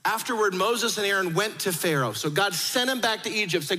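A man preaching a sermon, retelling a story with lively acted-out quotes. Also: high-pitched, a little fast, few pauses, long reverb tail, soft background music. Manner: animated storytelling, acts out quoted voices. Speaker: pastor.

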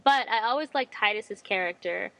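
A woman's voice: mid-range voice, normal speed, gravelly, a bit bright, dry recording. A woman co-hosting a podcast in casual chat, speaking candidly and swearing freely. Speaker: podcast co-host.

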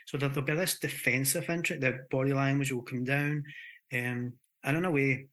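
Scottish male therapist guest, crisp bright voice, animated talker. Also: mid-range voice, a little fast. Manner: animated, explains with acted examples and restarts. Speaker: hypnotherapist guest. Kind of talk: conversational explanation.

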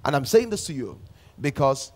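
A man's voice: medium pitch, very animated. A man preaching a sermon, reading scripture and pressing his point with emphatic repetition. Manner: emphatic, repeats key lines, slows down to stress scripture.

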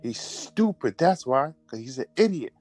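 A furious middle-aged father who is bitter and jealous and yells insults at his son, as a man puts him on in a story. The voice sits well above the man's own and gets loud. He hammers the same words again and again. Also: medium pitch, very animated, normal speed, soft background music, voice pushed up. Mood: angry, taunting. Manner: shouting insults, repeating himself.

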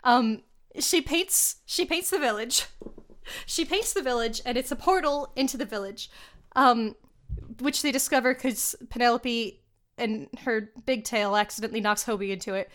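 A young woman co-hosts a podcast, casually chatting through a film review in a slightly high, fairly bright voice at a normal speed. She giggles a lot and fills her talk with slang and fillers.

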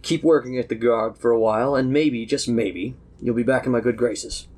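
A man voicing a stern, dismissive older nobleman, speaking low and measured. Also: a little mellow, natural voice.

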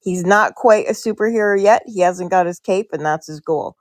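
A woman's voice: lowish voice, moderate pace, no echo. An older woman from Canada chatting casually on a podcast, telling stories and laughing at herself.

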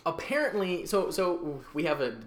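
A man co-hosting a casual talk show, joking and often jumping into high, excited exclaims. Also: normal speed. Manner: animated, jokey, bursts into high exclaims. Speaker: podcast co-host. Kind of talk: casual chat. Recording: echoey room with background noise.

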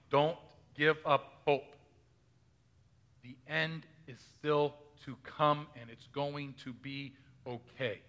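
Bright-voiced male pastor preaching. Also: mid-range voice. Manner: conversational, asks the congregation questions. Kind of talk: sermon.

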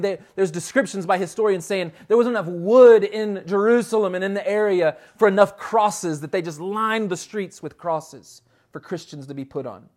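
A man preaching a sermon with a noticeably high-pitched voice. He speaks earnestly and with emphasis, often restarting a phrase to drive his point home. He reads scripture aloud in the same steady preaching voice. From United States. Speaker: pastor.

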